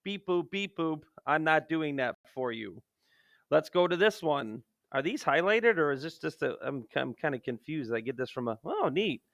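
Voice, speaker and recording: A man talking through a geometry lesson as a math teacher, joking and poking fun at himself. His voice is bright and sharp and sits a little high. It is recorded close and dry, with no room sound. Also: big pitch swings, normal speed, gravelly, no room sound. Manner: joking, self-deprecating, jumps from playful outbursts to mutters.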